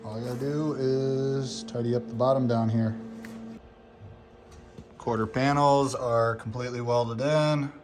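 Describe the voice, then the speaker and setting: A hoarse young man filming on his phone in a garage, casually explaining his work step by step and swearing now and then. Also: mid-range voice, steady tone, measured pace, long pauses, faint music behind. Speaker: car builder explaining his project. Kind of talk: casual how-to narration.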